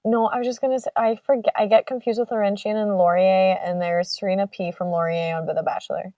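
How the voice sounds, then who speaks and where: A giggly young woman co-hosting a podcast. She sounds set back from the mic, dry and muffled, with a lo-fi edge. Her voice sits at a middle pitch. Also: steady tone, quick pace, warm tone, no echo. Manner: giggly, tries out joking accents. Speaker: podcast co-host. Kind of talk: casual chat. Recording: dry, distant, muffled lo-fi audio.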